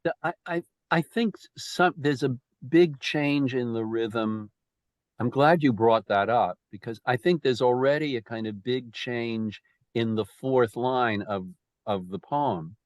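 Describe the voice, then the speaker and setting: A man's voice: mid-range voice, a little slow, no echo. A man leading a poetry discussion group, restarting his sentences often and speaking with emphasis as he taps out the rhythm.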